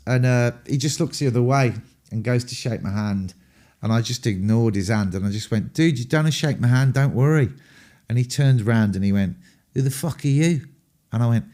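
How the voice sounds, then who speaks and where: A mellow, warm-toned man with an English accent tells candid anecdotes from his rock-and-roll days. He rambles, swears freely and fills his pauses with ums. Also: mid-range voice. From England. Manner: rambling, profane, full of ums. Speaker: rock band frontman.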